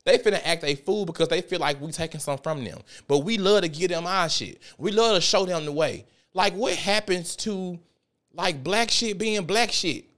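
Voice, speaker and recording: A man with a high voice and fairly bright tone hosts a podcast, delivering a casual ranting monologue at a moderate pace. He tells stories in a heated, profane, emphatic way.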